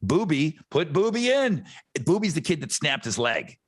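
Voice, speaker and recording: A man's voice: on the high side, moderate pace, breathy edge. Guy cohosting a podcast, swears a lot, voice jumps all over. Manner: animated, swearing, acts out movie lines. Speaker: podcast co-host. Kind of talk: casual chat.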